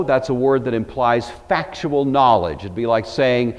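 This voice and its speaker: A man's voice: medium pitch, measured pace, in a large hall. An older man from the Pacific Northwest giving an earnest, emphatic Bible lecture with wry asides, in a plain Pacific Northwest American accent. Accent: Pacific Northwest American English. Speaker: Bible teacher.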